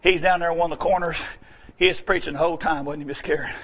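A man from the American South preaching a folksy sermon, moving between quiet asides and shouted exclamations. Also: on the high side, steady tone, quick pace, a little hiss or hum. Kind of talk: sermon storytelling.

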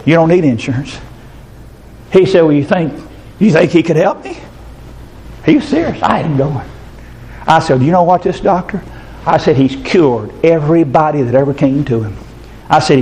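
A man's voice: medium pitch, mellow, slight background noise, low-quality recording. A man preaching a sermon, telling a story in a folksy way and acting out the dialogue before leading a prayer. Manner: folksy storytelling, acts out dialogue in shifting voices. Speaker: pastor.

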